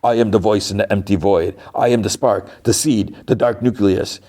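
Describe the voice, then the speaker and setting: A man voicing a grandiose male trickster god, declaiming slowly in his own low voice. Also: steady tone, mellow, lightly acted. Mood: solemn. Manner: slow, declaiming.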